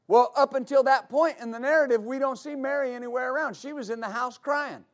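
A man preaching a sermon as pastor, explaining at length and building to shouts. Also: extremely high pitch, fairly quick.

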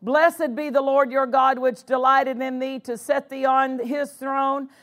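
High-voiced woman preaching slowly. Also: flat delivery, fairly bright tone. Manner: preaching with repeated exclamations of praise. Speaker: pastor. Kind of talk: sermon. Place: church sanctuary.

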